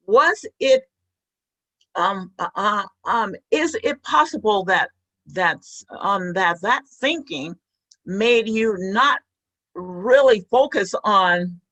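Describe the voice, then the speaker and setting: Brief: woman interviewer, slow deliberate delivery, hesitant, fillers. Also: medium pitch, a bit bright, poor audio. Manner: hesitant, many ums, long searching questions. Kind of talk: conversational interview.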